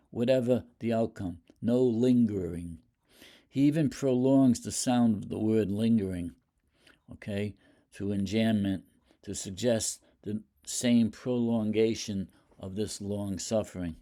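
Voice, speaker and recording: A man lecturing on poetry, talking deliberately, with fillers and restarts. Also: on the low side, dark tone. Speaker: literature lecturer. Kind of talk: explaining poetry.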